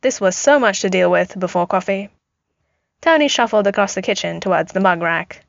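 A woman's voice: medium pitch, moderate pace, gravelly, dry recording. Podfic reader, woman, wry narration; dull, dry home recording. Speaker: fanfiction audiobook reader. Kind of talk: audiobook narration.

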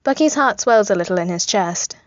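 A woman reading a story aloud in an even, gently amused voice, at a middling pitch. The recording is slightly dull and bone dry. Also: brisk, no room sound. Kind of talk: reading fan fiction aloud.

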